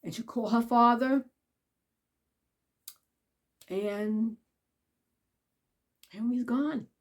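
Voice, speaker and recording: A woman telling a personal story in a casual, conversational way. She goes high when quoting people and soft and quiet at the sad parts. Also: fairly even intonation, extremely slow. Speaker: vlogger.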